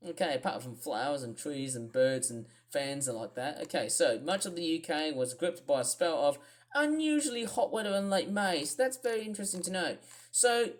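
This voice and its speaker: This weather vlogger, a woman with an Australian accent, chats casually on her channel, wandering off into asides and leaning on many fillers as she thinks out loud. Her voice sits low, with lively intonation at a normal speed.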